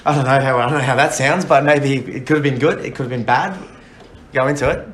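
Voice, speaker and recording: A young man tells a rowdy trip story in loose, laughing, swear-laden chat. His voice sits at an ordinary pitch and carries the echo of a bare room. A faint hiss runs under it. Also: fast talker. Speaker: podcast co-host. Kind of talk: casual banter. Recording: echoey room with faint noise.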